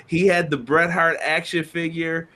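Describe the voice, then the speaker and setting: Lively man telling wrestling stories. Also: a little high, unhurried. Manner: animated storyteller, acts out quotes. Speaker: podcast co-host. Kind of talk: casual wrestling chat.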